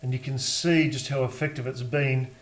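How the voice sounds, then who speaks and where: Guy demoing a recipe at home, calm and explainy, lots of uhs and ums. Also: mid-range voice. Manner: calm, explanatory, with frequent pauses and fillers. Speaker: home cook demonstrating a recipe. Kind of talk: step-by-step cooking demonstration. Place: home kitchen.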